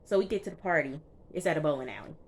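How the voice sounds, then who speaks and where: A woman reviewer recapping a TV episode in a casual, slangy, chatty way, tossing in quick asides as she goes. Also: sits low, sing-song. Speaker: TV show reviewer.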